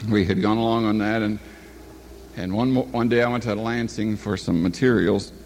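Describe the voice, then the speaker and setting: A man's voice: lowish voice, steady tone, normal speed, a little mellow, slight background noise. An older man telling a long personal anecdote in a folksy, meandering way, often stopping to correct himself. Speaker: storyteller. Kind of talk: rambling spoken anecdote.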